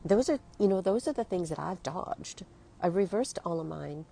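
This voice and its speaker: A woman's voice: lowish voice, animated, normal speed, creaky, dark tone. A woman in her fifties, a health coach, talking earnestly and emotionally straight to her listeners. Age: 50s. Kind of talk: motivational monologue to listeners.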